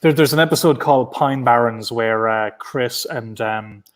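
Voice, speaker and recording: Speaking at medium pitch and normal speed, an Irish man who is a comic book writer and convention guest talks casually over a video call. He rambles, often restarting his sentences.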